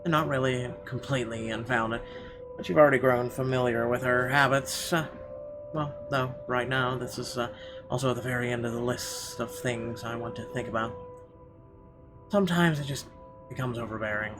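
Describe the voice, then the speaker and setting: A man at a middle pitch reading a horror game's narration aloud for viewers, expressive and measured in the story parts. Game music runs faintly behind him. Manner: expressive reading, bursts into profane yelling rants. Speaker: let's player.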